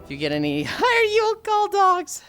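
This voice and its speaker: Brief: casual male streamer, lively bright voice, sighs and swears, faint music underneath. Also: extremely high pitch, normal speed. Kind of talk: casual stream chat while walking.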